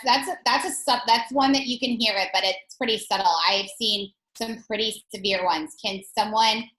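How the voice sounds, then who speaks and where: An energetic woman leads an online presentation workshop, direct and emphatic, often restarting her phrases. She speaks at a middle pitch. Her voice comes through a video call with a roomy echo. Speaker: presentation skills instructor.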